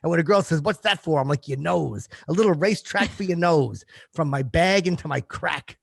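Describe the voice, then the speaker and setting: A man's voice: fairly high pitch, brisk, creaky, husky, no echo. A man hosting a comedy podcast as a crude, boastful character, reading an ad as rude banter. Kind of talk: crude comic ad read in character.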